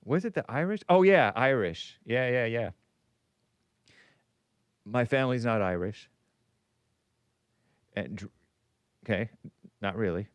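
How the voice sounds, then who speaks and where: Rambling call-in host, smooth dry voice. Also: male voice, medium pitch, animated, slow pace, long pauses, no echo. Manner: rambling, self-interrupting, chuckling. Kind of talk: casual radio call-in talk.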